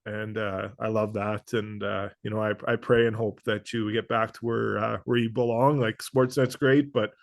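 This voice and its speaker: A man hosting a podcast, speaking earnestly and haltingly, with many pauses and restarts. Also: fairly low pitch, level tone, vocal fry, no room sound. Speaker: podcast host. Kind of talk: casual interview chat.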